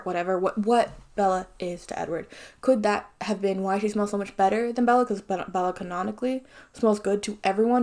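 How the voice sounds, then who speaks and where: A woman's voice: medium pitch, a little mellow. A young woman giving a casual, ranting video commentary, swearing freely and dropping into sudden whispers. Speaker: video essayist.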